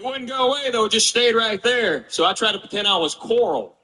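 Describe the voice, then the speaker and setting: A man's voice: sits high, lively intonation, a little fast, pushed and bright. A man telling a rambling stand-up story, firing mock-defensive asides at the audience. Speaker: stand-up comedian. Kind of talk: stand-up comedy routine.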